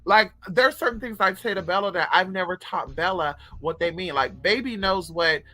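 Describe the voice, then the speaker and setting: A woman's voice: lowish voice, normal speed, pushed and bright. A woman telling stories straight to her viewers in a casual, profane vlog, as a spiritual coach who runs online classes.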